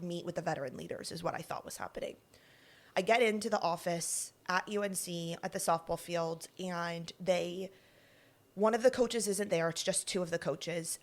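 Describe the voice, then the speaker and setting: A young woman co-hosting a podcast, telling a personal story casually and acting out the voices she quotes. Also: on the low side. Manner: animated, acts out quoted lines. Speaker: podcast co-host.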